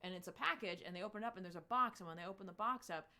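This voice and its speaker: Woman podcast co-host, mid pitch, casual and rambling, lots of fillers, animated rises in pitch. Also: rapid-fire. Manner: chatty, filler-heavy, lively swings in pitch. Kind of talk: casual chat recapping a comic.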